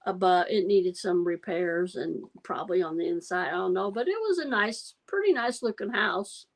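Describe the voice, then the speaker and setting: A woman's voice: mid-range voice, low-quality recording. A woman hosting a casual livestream, telling rambling stories and laughing often as she chats with viewers. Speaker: livestream host. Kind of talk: casual chat.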